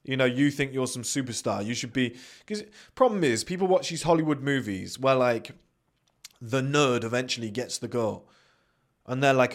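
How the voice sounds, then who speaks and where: A man's voice: medium pitch, normal speed. A young man hosting a podcast, giving a blunt, sweary motivational monologue. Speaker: podcast host.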